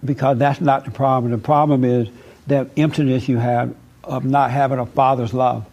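A man's voice: mid-range voice, little pitch movement, moderate pace, a little mellow, highs cut off. A man giving spiritual counseling in an emphatic, preachy way, repeating words for stress.

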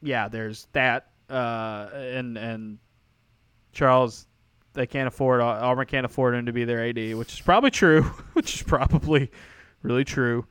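A man's voice: medium pitch, unhurried, a bit bright, clean tone, no room sound. A man co-hosting a casual sports podcast, rambling with many fillers and restarts, often laughing. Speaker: podcast co-host.

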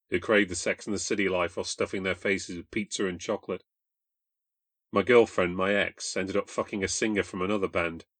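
A young man narrating a first-person ghost story in a sardonic, bitter, deadpan way. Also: low voice, no room sound. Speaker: podcast host and narrator.

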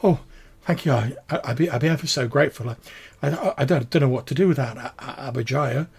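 A man putting on a grieving village woman, high stammering voice, tearful, gravelly undertone. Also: fast. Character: grieving middle-aged village woman with a limp.

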